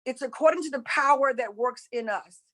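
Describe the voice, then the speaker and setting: A high-pitched woman talks like a preacher. She speaks emphatically, repeats her points and calls her listeners y'all. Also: brisk, fairly bright tone, poor audio. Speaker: spiritual coach and former preacher. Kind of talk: impassioned preaching-style talk.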